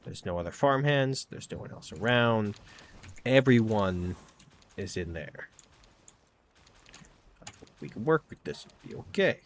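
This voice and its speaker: A man's voice: lowish voice, sing-song, measured pace, long pauses. A man casually recounting a tabletop game session, rambling and filling with "kinda" and "like". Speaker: gaming channel host.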